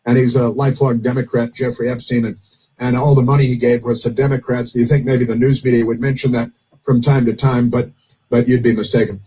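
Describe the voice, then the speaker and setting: A man's voice: medium pitch, little pitch movement, brisk, warm tone, breathy edge, rough recording. A man hosting casual political commentary, rambling with many fillers and dry sarcastic asides. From United States.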